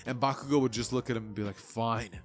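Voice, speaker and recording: A man's voice: medium pitch, steady tone, very fast, soft background music. Casual young man telling a fan story. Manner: casual, rambling with fillers. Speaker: anime what-if narrator.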